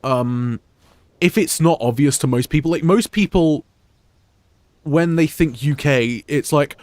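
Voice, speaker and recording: A man's voice: a little high, a little slow, darkish tone, no echo. A young British man with an English accent that has Scottish touches, rambling casually as he streams a game. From United Kingdom. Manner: rambling, many fillers and restarts. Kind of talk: casual gameplay chat.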